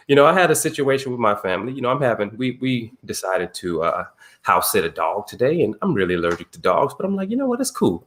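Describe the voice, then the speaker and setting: A man's voice: medium pitch, fairly bright tone. Emphatic man hosting a video call. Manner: emphatic, slangy, personal storytelling. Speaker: circle host. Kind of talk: casual group talk.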